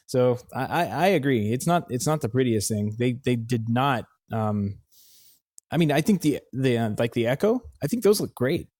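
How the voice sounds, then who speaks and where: A man co-hosting a tech podcast, chatting casually and haltingly with frequent restarts and repeated words. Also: medium pitch, expressive, darkish tone, dry recording, clean studio sound. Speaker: podcast co-host.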